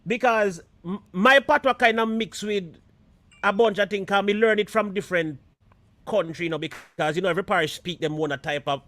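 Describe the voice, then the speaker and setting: A man's voice: high-pitched, fairly quick, fairly bright tone, dry recording. A Jamaican man hosting a live stream show, chatting casually and mixing patois with standard English.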